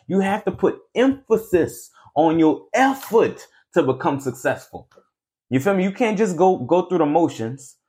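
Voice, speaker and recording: Guy with a high voice doing a motivational podcast rant, keeps saying you feel me. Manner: repetitive, preachy, asks "you feel me" often. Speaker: podcast host, barber. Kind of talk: motivational monologue.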